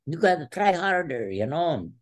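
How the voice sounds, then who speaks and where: Brief: man voicing an older coach, high and playful, clipped broken phrasing, needling a pupil. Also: sing-song, normal speed. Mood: coaxing. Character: cheerful older male wrestling coach, teasing.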